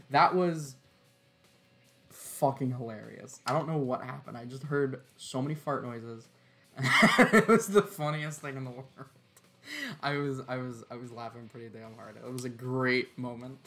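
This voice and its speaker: A man's voice: mid-range voice, vocal fry, fairly bright tone. A tired man giving laid-back, joking live-stream commentary while he plays a game, swearing and chuckling often.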